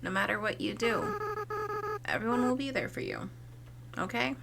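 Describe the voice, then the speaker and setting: A woman voicing a gentle goat-like boy saying goodbye, in soft, hushed whispered role-play. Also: mid-range voice, big pitch swings, moderate pace, vocal fry, heavy background noise. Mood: tender. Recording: loud game music behind.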